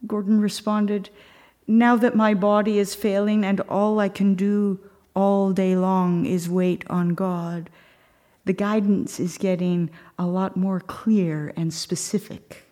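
Speaking at a medium pitch in a level, mellow tone, a woman preaches a contemplative sermon. She narrates a story and at times eases down into a near whisper.

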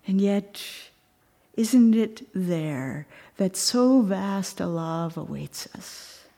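Soft-spoken woman preaching slowly. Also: medium pitch, animated, vocal fry. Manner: reflective, slows and drops to a near whisper at times. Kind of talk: sermon with storytelling.

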